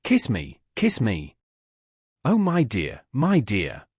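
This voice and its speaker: A man's voice: mid-range voice, huge pitch swings, slow, darkish tone, slightly rough, no room sound, clean studio sound, full character voice. A man playing a tender, pleading young woman.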